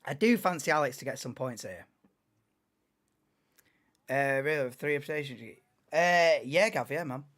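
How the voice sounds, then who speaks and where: A man in his late twenties, hosting a live race watchalong in an excitable, rambling, chatty way. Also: a little high, normal speed, long pauses. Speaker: livestream host.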